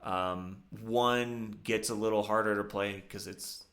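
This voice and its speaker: A man co-hosts a casual podcast chat in a lowish, steady, fairly bright voice, speaking slowly. He rambles, using lots of fillers and restarting his sentences.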